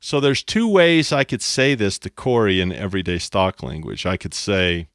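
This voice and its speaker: A man with a lowish voice teaches at a board, joking about himself and circling back to repeat his phrases. The sound is dry and close, with no room around it. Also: lively intonation, moderate pace, hardly any pauses, fairly bright tone, dry recording. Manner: playful, self-mocking, repeats phrases. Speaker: instructor. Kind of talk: explaining on a whiteboard.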